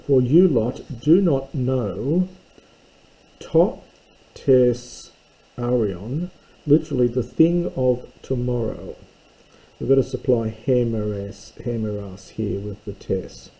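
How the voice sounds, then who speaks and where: A man explains a text line by line in an unhurried lesson. His voice is dark and gravelly, and he moves along slowly, stopping often with thoughtful fillers. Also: medium pitch, low-quality recording. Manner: thoughtful, pauses with fillers while translating. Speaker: Greek teacher. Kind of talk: slow translation lesson.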